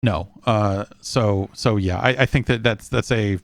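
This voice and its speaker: A man's voice: on the low side, measured pace, dry recording. A man hosting a podcast in a casual, wry, rambling chat full of fillers and restarts. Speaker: podcast host.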